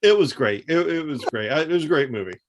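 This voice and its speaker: A man's voice: on the high side, animated, fast talker, noisy background. A man co-hosting a podcast, answering with short agreeing replies in casual chat. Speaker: podcast co-host.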